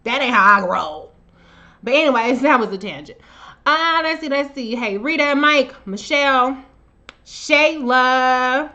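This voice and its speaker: A woman chats casually on her own live stream, calling out viewers by name. Her voice sits a little high and comes across bright and sharp. She talks bluntly, swears freely and stays animated. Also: unhurried, highs cut off. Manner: profane and blunt. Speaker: livestream host. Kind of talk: casual livestream chat. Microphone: own camera on a live stream.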